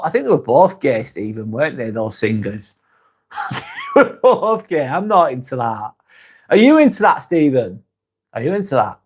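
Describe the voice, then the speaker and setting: A man's voice: medium pitch, a little mellow, breathy edge. A man with a British accent hosting a casual live stream, reading out viewer comments and answering them bluntly, swearing freely and often laughing.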